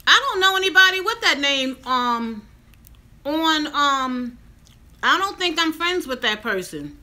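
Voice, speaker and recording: A woman's voice: sits high, measured pace. A woman, chatting casually and emphatically to viewers in a vlog. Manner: animated, talks straight to viewers, emphatic. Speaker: vlogger. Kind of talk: casual mukbang chat to viewers.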